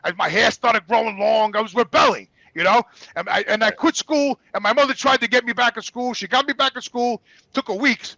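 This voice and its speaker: An older man in his sixties from New York, USA, with a New York accent, appears as a talk show guest, casually telling blunt, profane stories from his life in an animated retelling. His voice is extremely high-pitched, creaky and fairly quick, and the recording is muffled with no echo.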